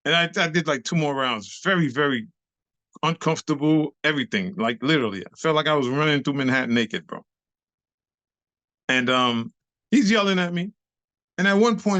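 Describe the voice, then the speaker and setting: An older man, an interview guest and nightclub dancer, telling a lively story full of slang and cursing. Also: on the high side, normal speed, pauses often, no echo, highs cut off. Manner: lively, acts out other voices, street slang and cursing.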